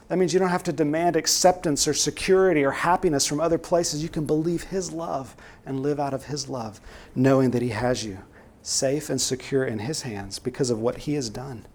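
A man's voice: a little high, a little fast, darkish tone. A man preaching a sermon, earnest and exhorting, with many direct rhetorical questions to the listeners.

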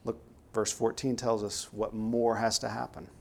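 A man's voice: on the low side, little pitch movement, moderate pace, creaky, a little mellow. A man preaching a sermon in an earnest, emphatic way, pressing hard on key words.

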